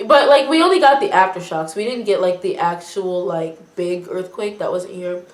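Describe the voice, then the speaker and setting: A young American woman from Florida chatting with her roommates, telling a story with lively, shrieking acted-out quotes. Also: fairly low pitch, moderate pace, reverberant. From Florida, USA. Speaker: vlogger. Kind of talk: casual chat, mukbang.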